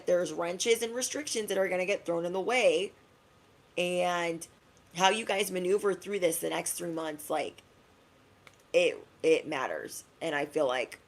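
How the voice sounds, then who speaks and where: A young woman giving a casual spiritual pep talk to her viewers, chatty and slangy, acting out quick asides. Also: fairly low pitch. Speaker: spiritual reader.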